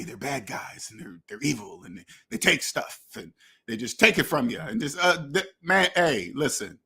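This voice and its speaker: In a casual monologue, a man hosting a finance podcast lectures bluntly and preachily, acts out conversations he imagines, and occasionally swears. His voice is a little high with a fairly bright tone.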